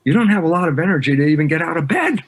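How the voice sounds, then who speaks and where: This interview guest talks rapid-fire in a fairly high voice. He explains ideas with force and brings his stories to life by voicing both sides of each exchange.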